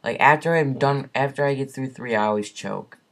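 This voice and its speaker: A young man hosting a gaming channel gives profane, exasperated commentary on his gameplay, swinging between muttered curses and yells. His voice is medium-pitched and a little fast.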